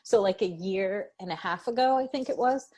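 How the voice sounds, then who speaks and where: A woman's voice: medium pitch, a little fast, warm tone. A young adult woman co-hosting a podcast, telling a story in a chatty way, full of "like". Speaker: podcast co-host. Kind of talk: casual chat.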